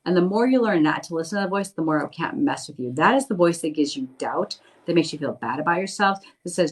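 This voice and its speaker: Low-voiced woman chatting on a livestream. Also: fast talker, hardly any pauses, rough recording. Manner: chatty, reads viewer comments aloud, reassuring. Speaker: medium doing live readings. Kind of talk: casual livestream chat. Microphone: phone.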